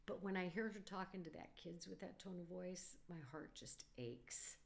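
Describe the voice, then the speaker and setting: A middle-aged woman with a somewhat low voice hosts a solo podcast. She talks in an earnest, warm, advice-giving way and draws on stories from her own life. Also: moderate pace, vocal fry. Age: middle-aged or older. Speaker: podcast host, psychologist. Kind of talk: casual solo podcast talk.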